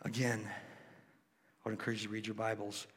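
A man's voice: lowish voice, little pitch movement, brisk. Passionate male preacher in a reverberant hall. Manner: passionate, swinging between loud and hushed. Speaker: pastor. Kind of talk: sermon.

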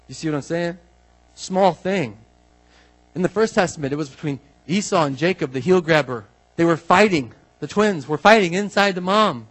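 A man preaching a casual, animated sermon, acting out the people in the story and swinging from quiet asides to loud exclamations. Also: fairly high pitch, normal speed, low-quality recording. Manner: animated, swings from soft asides to loud bursts, acts out quotes. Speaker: pastor.

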